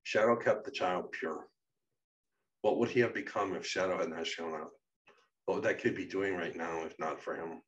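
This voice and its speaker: A man reads his own memoir aloud in a plain, steady, earnest way. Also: deep voice, normal speed, a little hiss or hum. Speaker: narrator. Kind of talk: reading a personal memoir aloud. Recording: muffled, distant mic.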